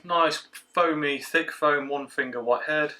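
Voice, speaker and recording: A man giving a casual beer review from home, chatty and relaxed, with plenty of filler sounds. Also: a little high, measured pace. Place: at home, indoors.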